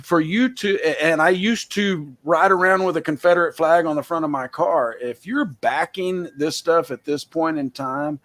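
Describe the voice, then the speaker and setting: A man's voice: fairly high pitch, normal speed, hardly any pauses, a bit bright. A man hosting a casual chat who rants bluntly and swears freely. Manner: blunt, profane, heated ranting. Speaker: host.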